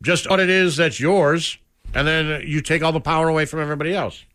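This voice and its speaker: A man's voice: on the high side, steady tone, a little fast, a bit bright. A man hosting a radio show, making points in emphatic, opinionated banter.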